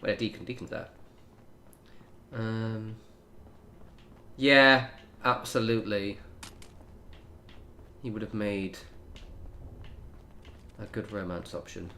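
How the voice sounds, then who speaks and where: A man's voice: fairly low pitch, fairly even intonation, takes it slowly, long pauses, sharp tone, slight background noise. Chatty man streaming a game. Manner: chatty, rambling asides to chat. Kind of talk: casual gameplay commentary.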